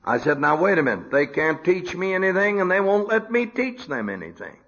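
An older man preaching a sermon, animated, dropping to a low murmur and rising to high emphatic outbursts, on a dull lo-fi recording. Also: fairly quick.

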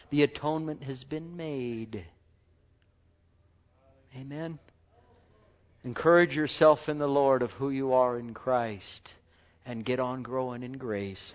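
A man fervently preaches a sermon at medium pitch, dropping to hushed murmurs, rising to loud exclamations, and asking many rhetorical questions. The recording is dull and lo-fi.

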